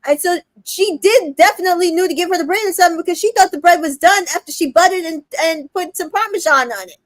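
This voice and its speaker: A woman hosting a casual recap chat, retelling scenes and quoting the cast in quick put-on voices, with plenty of fillers. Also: extremely high pitch, no room sound. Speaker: podcast host recapping a reality show.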